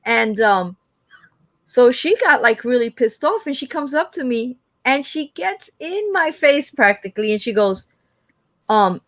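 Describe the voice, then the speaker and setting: A woman co-hosting a livestream, telling a lively story in casual chat and acting out the quoted lines with big jumps in pitch. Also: measured pace, no echo. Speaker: livestream co-host.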